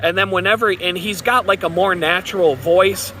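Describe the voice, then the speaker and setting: Male vlogger, sarcastic rambling rant, bright forceful tone, slightly high pitch. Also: steady tone, normal speed, slight background noise. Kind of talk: casual rant to camera.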